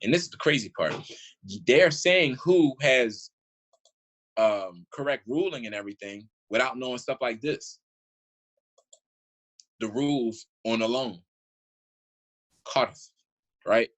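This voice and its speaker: Reading old documents aloud, this man rambles and restarts, offering indignant, informal commentary full of "y'all" as an online commentator. He speaks at medium pitch, slowly, pausing often, with a slightly bright tone on a rough recording.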